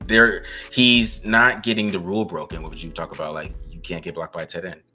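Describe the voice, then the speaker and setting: A man's voice: low voice, little pitch movement, a little fast. A man co-hosting a casual film-review chat, talking loosely with lots of restarts and laughs. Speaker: podcast co-host breaking down game film.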